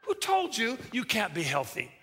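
A man preaching a sermon as a pastor, animated and joking, acting out the voices he quotes. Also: high-pitched, normal speed, breathy edge, soft background music. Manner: animated, acts out quoted voices, jokey asides. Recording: reverberant hall sound.

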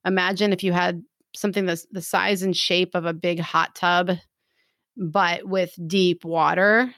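Animated woman telling a story. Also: on the low side, a little slow, no room sound, clean studio sound. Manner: animated storytelling, acts out quotes. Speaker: storyteller in a chat. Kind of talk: casual chat.

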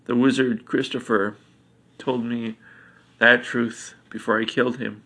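A man voicing an arrogant boy god, cold and knowing, in a flat, measured delivery. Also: medium pitch, breathy edge, heavily acted. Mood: menacing.

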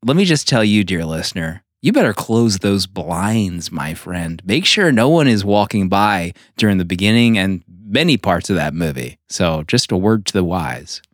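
A podcast co-host talking about movies in casual, lively chat. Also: low voice, normal speed, few pauses, no echo, studio quality.

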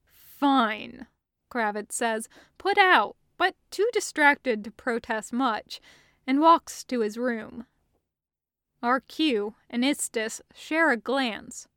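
A woman narrating a fan-fiction story as an audiobook reading, in a steady, even storytelling manner. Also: a little high, slow pace, dry recording, studio quality.

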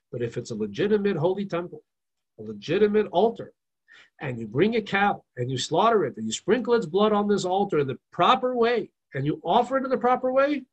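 A man with a somewhat high, husky voice leads a relaxed religious class. He talks in an animated, storytelling way, tosses out rhetorical questions and often restarts his sentences. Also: highs cut off. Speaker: rabbi teaching a class. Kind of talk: casual religious class lecture.

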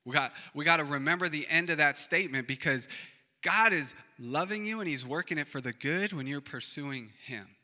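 A man preaching in a church with a very bright, sharp voice that rings out under a long hall reverb. He swings from loud, emphatic declarations down to hushed, near-whispered lines, and his pitch sits a bit on the high side. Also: normal speed. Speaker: pastor. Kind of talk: sermon.

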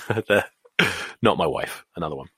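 Middle-aged English man, host, lively swings in pitch, sweary self-mocking rant, nauseous, dry sound. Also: a little slow, slightly rough, no echo. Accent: English, drifted toward American. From England. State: nauseous, queasy. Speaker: podcast host. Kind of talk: solo podcast rant.

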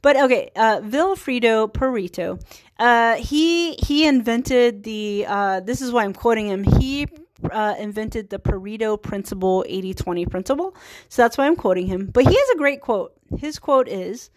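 This thirtysomething woman runs a solo podcast, her voice fairly high, animated, and moderately paced with no echo. Her monologue is casual, earnest, and chatty, full of giggles and self-deprecating jokes.

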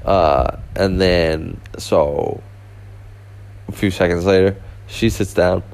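A man's voice: sits low, steady tone, slow, creaky, a little mellow, clean tone. A young man casually telling a rambling story, full of fillers and restarts. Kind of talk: casual anecdote.

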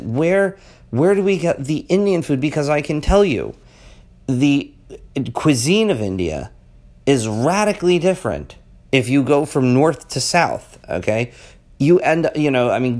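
A man's voice: medium pitch, a little mellow. Rambling middle-aged man musing aloud. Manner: rambling and conversational, peppers talk with "okay?" and "you know"; emphatic rhetorical questions. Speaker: vlogger. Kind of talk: casual off-the-cuff monologue.

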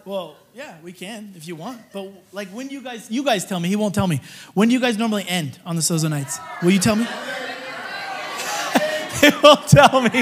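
A man preaching to a live group, telling a funny testimony story in an animated, joking way. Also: high-pitched, normal speed, slight background noise. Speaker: guest preacher.

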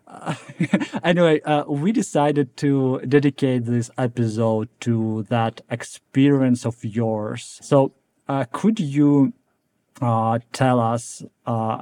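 Man, podcast co-host, chatty, laughs a lot, mellow voice. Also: mid-range voice. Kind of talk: podcast hosting.

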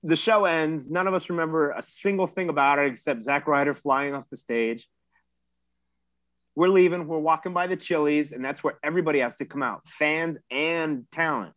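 A man's voice: on the high side, normal speed, fairly bright tone, no room sound. A man in his thirties telling a rambling, self-mocking story in casual chat and swearing freely. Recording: dull lo-fi dry recording.

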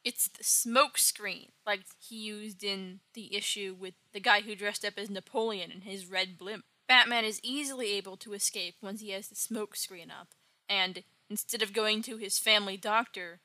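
A woman's voice: medium pitch, bright, forceful tone, dry recording. A woman casually recapping an old comic with wry, joking asides.

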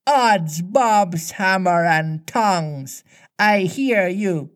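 A man's voice: high voice, expressive, very slow, pitched above the performer's own voice, full character voice. A man reading aloud voices a mischievous boy who mockingly imitates a pirate captain, playful and taunting.

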